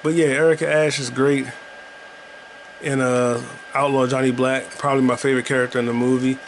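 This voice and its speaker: A man rambles through casual, profane commentary while he plays a video game. His pitch sits in the middle of the male range. A faint hum runs underneath. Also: little pitch movement, a little fast. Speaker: podcast host playing a video game.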